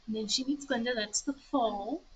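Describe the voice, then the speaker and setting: A woman's voice: on the high side, moderate pace, fairly bright tone, breathy edge, rough recording. A young woman leading a writing club, explaining story structure in a casual, chatty way and stopping now and then to correct herself. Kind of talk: casual teaching to a group. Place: public library meeting room.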